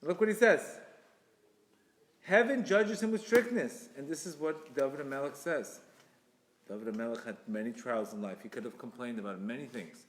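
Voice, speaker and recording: A man giving an inspirational religious talk, emphatic and repetitive, with sudden loud bursts. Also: medium pitch, moderate pace. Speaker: Torah teacher. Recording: echoey hall reverb.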